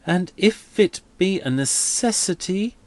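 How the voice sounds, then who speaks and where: A man's voice: sits high, lively intonation, slow, darkish tone, voice pushed up. A man voicing an earnest, submissive young male clergyman in a storybook reading. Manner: pleading, submissive.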